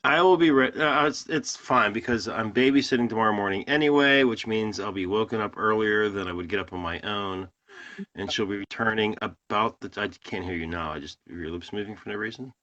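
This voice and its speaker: A man's voice: on the low side, sharp tone. A man of grandparent age, a guest on a casual live chat, joking and making playful excuses. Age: older. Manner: playful, quick to joke and excuse himself. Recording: dull lo-fi call audio.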